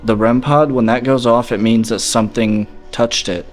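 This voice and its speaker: A man's voice: mid-range voice, fairly even intonation, normal speed, faint music behind. A man hosting a paranormal investigation vlog in an old school, bluntly questioning a spirit and swearing often. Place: old school building, indoors.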